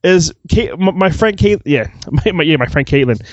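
Guy cohosting a movie podcast, high voice, super swingy, laughs a lot telling stories, kinda muffled. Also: moderate pace, dry recording. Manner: animated storyteller who laughs often. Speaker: podcast co-host. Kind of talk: casual chat. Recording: dull lo-fi mic.

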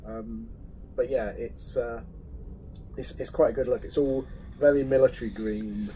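A man's voice: mid-range voice, fairly even intonation, measured pace, dark tone, a little hiss or hum, rough recording. A man co-hosting a casual film podcast, chatty and hesitant, often restarting his sentences. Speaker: podcast co-host.

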